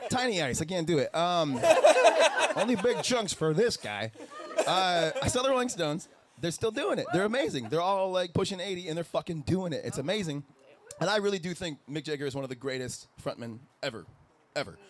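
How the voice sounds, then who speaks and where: A man's voice: fairly high pitch, brisk, noisy background. A man in his thirties from the Minneapolis area, performing a live stand-up set and acting out the people in his stories. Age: 30s. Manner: animated storytelling, acts out coworkers and customers. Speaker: stand-up comedian. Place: outdoor live comedy show with audience laughing.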